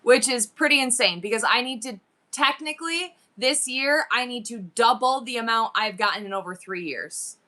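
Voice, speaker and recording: A woman live-streaming to her viewers, chatting casually and excitedly as she thinks aloud through her numbers and goals. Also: fairly high pitch, moderate pace.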